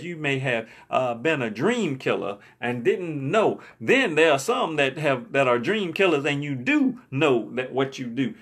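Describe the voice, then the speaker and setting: A man's voice: medium pitch, gravelly, fairly bright tone. A man preacher telling a story in a sermon, emphatic and often repeating his words.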